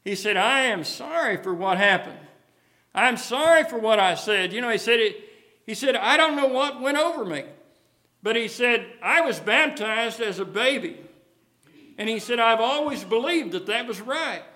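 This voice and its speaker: Folksy high-voiced male preacher. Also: lively intonation, normal speed, sharp tone. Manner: folksy, repetitive, many restarts. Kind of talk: sermon with storytelling.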